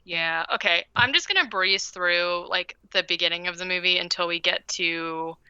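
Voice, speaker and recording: A woman's voice: fairly low pitch, moderate pace, pushed and bright, smooth, no room sound, dull audio. A woman co-hosting a podcast, casually recapping a movie in a rambling way, with lots of "like". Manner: rambling, heavy use of "like". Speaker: podcast co-host.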